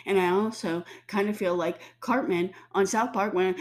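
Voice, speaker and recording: A woman's voice: fairly low pitch, normal speed, few pauses. Woman in her fifties, stuffy and sore-throated, blunt, profane to-camera ranter. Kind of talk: casual rant to camera.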